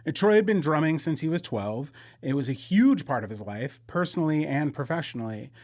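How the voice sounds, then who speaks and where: A man's voice: on the high side, lively intonation, fairly quick, a little mellow. Sympathetic male podcast co-host. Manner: sympathetic, explanatory. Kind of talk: scripted podcast commentary.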